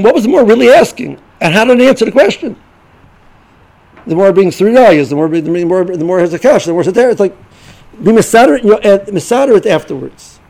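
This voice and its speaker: A middle-aged man giving an informal Torah lesson, halting and repeating words as he restarts sentences. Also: sits high, a little mellow, low-quality recording. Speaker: yeshiva rebbe giving a shiur.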